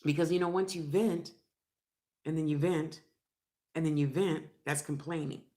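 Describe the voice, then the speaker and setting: A woman's voice: deep voice, fairly even intonation, moderate pace, mellow. An older woman chatting frankly into her vlog while she eats, laughing often. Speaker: vlogger. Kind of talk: casual chat while eating.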